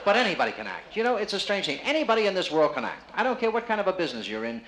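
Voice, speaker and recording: This is a live 1960s vinyl recording from a casino showroom, roomy and noisy, with audience laughter. A stand-up comedian with a high voice races through wisecracks aimed at a man in the crowd, his pitch swinging widely.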